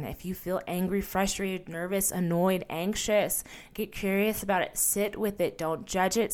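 A young adult woman hosting a solo coaching podcast, gently encouraging the listener and asking them questions. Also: mid-range voice. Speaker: life coach and podcast host.

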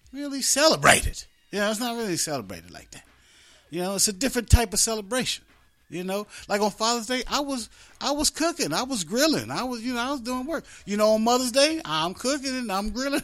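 A slightly high-voiced man hosts a radio show in a loose, rambling monologue. He jokes and chuckles as he goes, piling up fillers and restarts between points. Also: fairly bright tone. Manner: rambling, joking, laughs often.

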